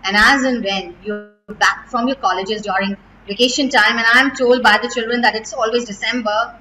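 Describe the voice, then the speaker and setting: Emotional Indian woman principal, bright voice. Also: on the high side, a little hiss or hum, rough recording. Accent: Indian English. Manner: emotional, heartfelt, pausing and restarting. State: near tears. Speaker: school principal. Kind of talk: farewell address to graduating students.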